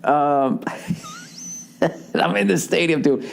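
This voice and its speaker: A man's voice: mid-range voice, a little fast, a little mellow. A man in his forties hosting a podcast, telling a rambling, profane comedic story and acting out the voices of the people in it. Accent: Boston. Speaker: podcast host. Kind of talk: casual comedic monologue.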